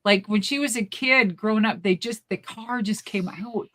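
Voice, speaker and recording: A woman co-hosting a live show, telling a rambling, animated family story in casual chat. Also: mid-range voice, normal speed. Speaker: co-host.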